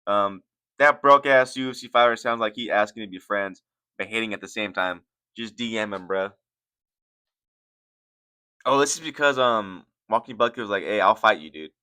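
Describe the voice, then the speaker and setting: A man's voice: on the low side, normal speed, sharp tone, smooth. A young man hosting casual, profane reaction commentary on fight sports, rambling and laughing as he goes. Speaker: commentary channel host.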